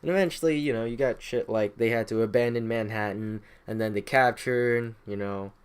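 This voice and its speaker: A man's voice: fairly low pitch, normal speed, clear, resonant tone. A young man casually retelling history on a podcast, irreverent and profane, slipping into slangy mock voices. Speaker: podcast host. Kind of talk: casual comedic history recap. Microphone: home podcast mic.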